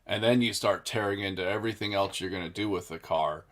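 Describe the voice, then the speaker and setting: A man with a low voice chats casually as co-host of a hobby show. He sounds upbeat and keen and laughs often. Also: fast, a bit bright. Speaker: co-host of a model car customizing show. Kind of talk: casual chat.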